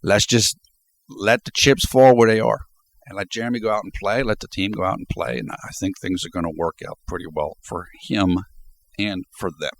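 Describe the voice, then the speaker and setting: A man with a notably low, deep voice talks to his viewers in a loose vlog style. He speaks off the cuff and reflects as he goes. He delivers sports commentary at an easy pace. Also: steady tone, moderate pace. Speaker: sports video blogger. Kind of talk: casual spoken commentary.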